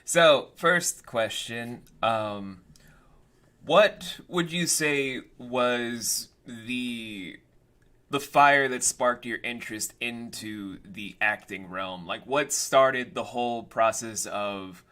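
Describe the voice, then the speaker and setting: Bright-voiced joking male host. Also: medium pitch, drawn-out words. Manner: joking, playful asides. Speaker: interview host. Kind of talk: casual interview hosting.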